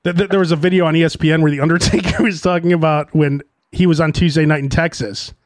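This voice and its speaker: A man's voice: a little high, steady tone, fast talker, no echo, studio quality. A man co-hosting a casual wrestling podcast, joking and laughing a lot and acting out voices. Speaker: podcast co-host. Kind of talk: casual chat.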